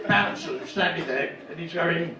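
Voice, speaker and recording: An older man doing a stand-up comedy set, telling crude stories in a deadpan way and landing sudden loud punchlines. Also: fairly high pitch, normal speed. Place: comedy club stage. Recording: roomy live venue, distant mic, loud crowd noise.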